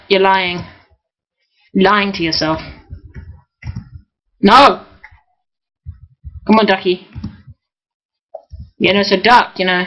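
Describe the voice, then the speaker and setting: A young man, excitably commentating his own gameplay, often swearing and shouting at the game. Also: sits high, muffled recording. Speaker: gamer.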